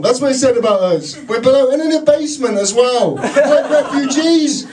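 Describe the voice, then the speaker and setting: A stand-up comedian with a high, very lively voice tells self-deprecating stories to a live crowd. The sound is a noisy recording from a distance in a basement club. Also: male voice, moderate pace. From England. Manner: self-deprecating, animated storytelling.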